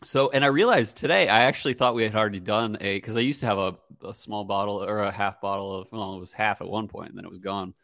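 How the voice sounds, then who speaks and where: A man's voice: fairly low pitch, fast, hardly any pauses, fairly bright tone, dry recording. Laid-back man, dry close sound. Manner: laid-back, joking, many fillers. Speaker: podcast co-host. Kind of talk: casual chat.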